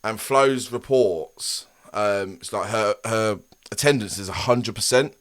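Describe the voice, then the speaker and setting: A man's voice: fairly low pitch, a little slow, a bit bright. A man, telling rambling stories on a casual podcast, laughing and swearing as he goes. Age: 30s. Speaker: podcast co-host. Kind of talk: casual chat.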